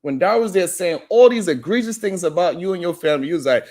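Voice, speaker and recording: Animated high-voiced man telling a story. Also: fast talker. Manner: storytelling, acts out quoted voices, greets chat viewers by name. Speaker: live stream show host. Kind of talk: animated live stream monologue.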